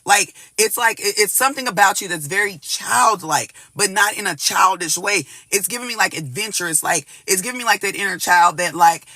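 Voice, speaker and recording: A man giving a casual collective tarot reading, talking in an animated way, cursing freely and repeating words as he goes. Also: high voice, fairly quick, hardly any pauses, no room sound. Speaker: tarot reader.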